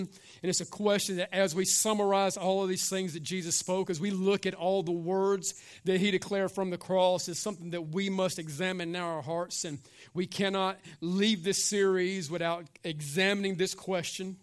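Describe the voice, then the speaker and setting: A man preaching a sermon as pastor, animated, with call-and-response asides and casual joking. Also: high voice.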